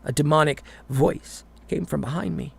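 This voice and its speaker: A man's voice: on the high side, fairly even intonation, moderate pace, creaky, breathy edge, no room sound. A man reading a horror story aloud, often stumbling and repeating words.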